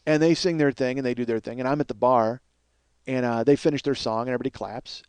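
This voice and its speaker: A man's voice: mid-range voice, fast, clean tone, no room sound. A middle-aged man hosting a podcast, telling a long story in a loose, profane way and acting out the voices of the people in it. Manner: animated, profane, acts out quotes. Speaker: podcast host. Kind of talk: storytelling monologue.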